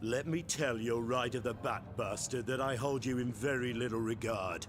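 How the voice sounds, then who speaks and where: A man's voice: medium pitch, moderate pace, lightly acted. Man voicing a haughty knight, disdainful noble, theatrical, game music behind. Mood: scornful. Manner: haughty, contemptuous, theatrical delivery. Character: scornful aristocratic male knight, disdainful. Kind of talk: video game voice acting.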